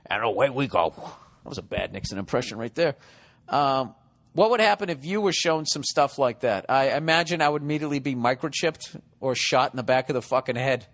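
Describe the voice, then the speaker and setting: A man's voice: mid-range voice, animated, brisk, a bit bright. A man hosting a podcast, reading listener letters and riffing on them in a rambling, profane, sarcastic way. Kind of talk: rambling comedic monologue.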